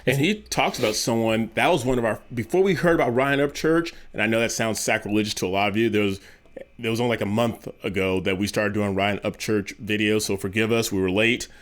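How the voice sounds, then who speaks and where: A man's voice: on the low side, fairly even intonation, a little fast. A man co-hosting a video reaction show, making amused remarks and laughing often. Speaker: co-host. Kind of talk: reaction commentary.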